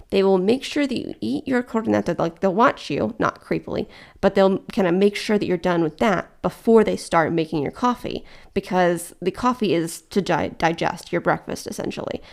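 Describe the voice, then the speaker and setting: A young woman co-hosting a casual chat, easygoing and quick to laugh. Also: on the low side, creaky. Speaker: podcast co-host.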